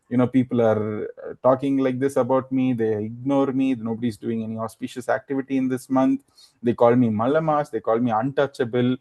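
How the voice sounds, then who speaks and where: A man's voice: medium pitch, dark tone. A man giving a sermon, retelling a scripture story with many fillers and acting out the quoted lines. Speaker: preacher.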